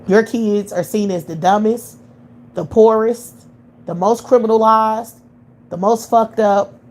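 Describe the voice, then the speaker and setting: A woman's voice: a little high, a little slow, darkish tone. Blunt, profane woman ranting. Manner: blunt, heated, profane and repetitive. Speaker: livestream commentator. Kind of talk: profane monologue rant.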